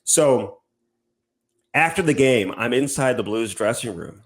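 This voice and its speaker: A man's voice: mid-range voice, animated, a little slow. A man co-hosting a podcast, telling a long story in casual chat, rambling and profane with plenty of fillers. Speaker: podcast co-host and TV hockey reporter.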